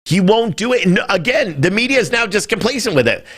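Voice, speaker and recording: A man hosting his own live political stream, talking in a loose, profane rant. He swings between exasperated outbursts and offhand asides to his viewers, with a slightly higher voice than most men. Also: brisk, breathy edge. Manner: animated, profane ranting with mocking impressions.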